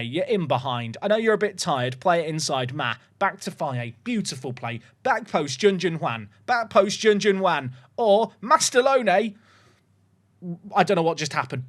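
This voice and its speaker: A man commentating his own game, excitable, swinging between calm talk and sudden shouts. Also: fairly high pitch. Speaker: gaming YouTuber.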